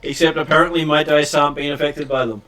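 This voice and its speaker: A man's voice: a little high, level tone, quick pace, pushed and bright. Hesitant man game master, distant mic. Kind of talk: narrating a tabletop game. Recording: distant from mic, faint noise.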